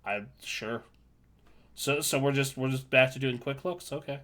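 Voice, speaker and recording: A man's voice: medium pitch, moderate pace, sharp tone. A man co-hosting a casual gaming podcast, rambling and restarting his sentences with dry asides. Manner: rambling, self-interrupting, dry. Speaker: podcast co-host.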